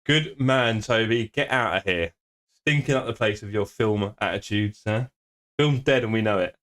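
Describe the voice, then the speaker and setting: A man's voice: lowish voice, moderate pace, fairly bright tone. Chatty man streaming sim races. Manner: chatty, joking banter with chat, laughs often. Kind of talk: casual live-stream chat reading viewer comments. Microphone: desk streaming microphone.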